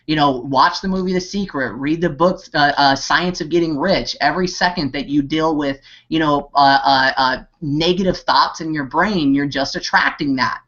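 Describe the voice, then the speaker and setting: A man's voice: fairly high pitch, normal speed, few pauses, fairly bright tone. A man delivering a motivational pep talk over a video call, his words tumbling out between constant "you know"s, false starts and bursts of passion. The call audio sounds dull and lo-fi. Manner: rambling, heavy on 'you know' and fillers, restarts; impassioned and pep-talking. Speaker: network marketing team leader. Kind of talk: motivational talk on an online hangout.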